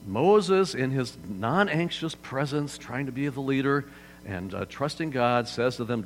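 A man's voice: medium pitch, lively intonation, moderate pace. A man preaching a sermon as pastor in a church hall, conversational, often turning to the audience with questions. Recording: hall reverb, faint mains hum.

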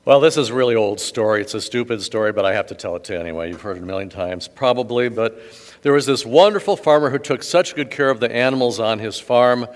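A male pastor preaching a sermon in a church, telling stories conversationally with asides and animated emphasis. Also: mid-range voice, quick pace. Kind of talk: sermon with gospel reading. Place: church sanctuary. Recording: long reverb of a large hall.

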